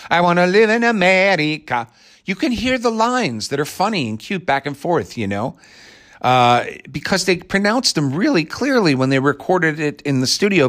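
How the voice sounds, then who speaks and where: A sarcastic man with a fairly high, slightly bright voice rants about movies as a reviewer. His casual, rambling review is irreverent and crude, full of mocking asides.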